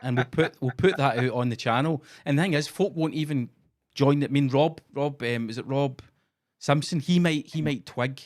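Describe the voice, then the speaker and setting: A middle-aged Scottish man co-hosting a podcast, telling sweary, animated stories in casual chat. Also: medium pitch, moderate pace. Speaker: podcast co-host.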